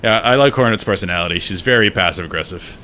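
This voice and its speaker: A man's voice: fairly low pitch, fast, bright, forceful tone, slight background noise. A man giving casual gameplay commentary as a streamer, thinking aloud and muttering to himself.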